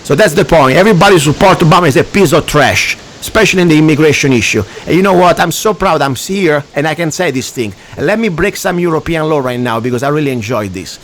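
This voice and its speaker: Italian guy ranting on his radio show, kinda high pitched, choppy english. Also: expressive, fast talker, hardly any pauses, a little hiss or hum. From Italy. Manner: ranting, emphatic, broken English. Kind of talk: opinionated radio talk.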